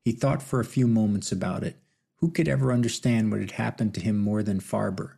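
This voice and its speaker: A man narrates a novel in a steady, measured way. His voice is gravelly and husky, with a dark, mellow tone. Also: lowish voice. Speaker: audiobook narrator. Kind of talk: scripted narration.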